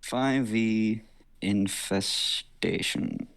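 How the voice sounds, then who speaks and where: A man playing a tabletop game, excitable and profane, cheering on his dice rolls. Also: on the low side, drawn-out words, vocal fry. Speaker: player. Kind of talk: casual tabletop play.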